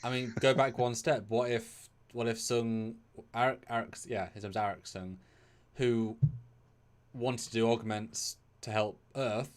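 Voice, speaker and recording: Male co-host, mid-pitched voice, excitable and rambling, casual live chat. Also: measured pace. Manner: excitable, rambling, jumps into high-pitched bursts. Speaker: co-host of a live discussion show.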